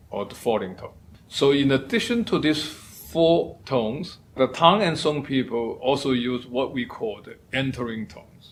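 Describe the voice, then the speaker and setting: Male professor, lecture, very slow and deliberate, demonstrates sounds, faint background hiss. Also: medium pitch. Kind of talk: lecture on poetry and tones.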